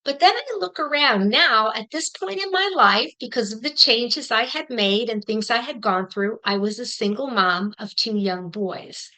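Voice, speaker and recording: A middle-aged woman telling a personal story to an audience, fast-talking and animated. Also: on the high side, rough recording. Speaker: psychic medium giving a talk.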